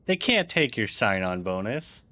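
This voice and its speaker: A man's voice: lowish voice, sing-song, a little slow, a crowd in the background. A man streaming a game and chatting casually with friends, joking and laughing as he talks. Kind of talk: casual gaming chat.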